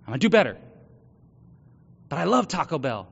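Male pastor, high voice, earnest sermon delivery that drops to a hush then builds loud; dull recording in a reverberant hall. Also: sing-song, a little fast, gravelly, breathy edge. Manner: earnest, swings from hushed confession to loud exhortation.

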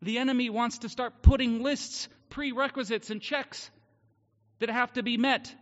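A man's voice: extremely high pitch, fairly even intonation, normal speed. A man preaching a sermon as pastor, earnest and emphatic, in a church hall. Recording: muffled sound with long hall reverb.

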